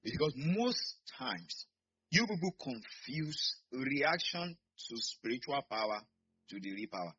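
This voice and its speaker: Nigerian man preaching in church, husky and sharp, bursts of shouting, kinda muffled recording. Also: medium pitch, big pitch swings, measured pace. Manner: preaching with sudden shouts and acted asides. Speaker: pastor. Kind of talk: sermon.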